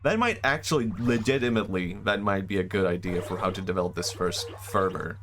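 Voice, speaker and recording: A young man streaming a game, musing in a loose, excitable way and swearing now and then. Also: sits low, fairly quick, noisy background. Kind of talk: casual gaming stream commentary.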